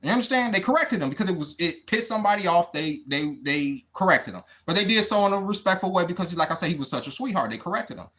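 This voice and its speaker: A man from the United States speaks straight to his livestream audience with no script. His pitch swings widely as he talks. He swears in nearly every sentence and often circles back over the same words. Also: lively intonation, fast, few pauses, sharp tone. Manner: emphatic, swears constantly, repeats words. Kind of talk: unscripted livestream monologue.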